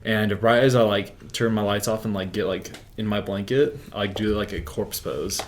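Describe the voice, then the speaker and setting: A man's voice: on the low side, fairly even intonation, moderate pace. A young man telling a story as an interview guest, rambling, with filler "like" in nearly every sentence. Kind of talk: casual storytelling.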